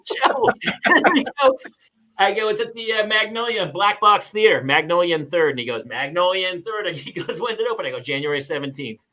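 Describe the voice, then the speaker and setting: A man's voice: high-pitched, brisk. A man hosting a casual podcast, an actor telling funny stories with lots of laughter. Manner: animated storyteller, laughs often. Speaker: podcast host. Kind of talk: casual chat, storytelling.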